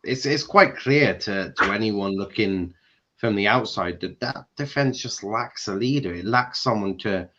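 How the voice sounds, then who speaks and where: A man's voice: fairly low pitch, unhurried, dull audio, noisy background. Man hosting a football chat. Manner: chatty, swearing, mimics frustrated shouting. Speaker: football channel host. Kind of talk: casual football match reaction chat.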